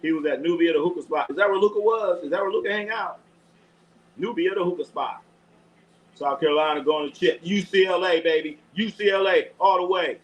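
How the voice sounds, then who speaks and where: Animated, profane sports-show host man. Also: high voice, brisk, low-quality recording. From Los Angeles. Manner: animated, profane trash talk. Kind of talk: casual live sports chat.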